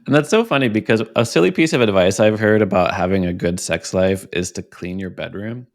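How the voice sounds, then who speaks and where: A man hosting a podcast interview, relaxed and affirming, who asks long, rambling questions. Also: fairly low pitch, brisk, a little hiss or hum. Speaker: podcast host.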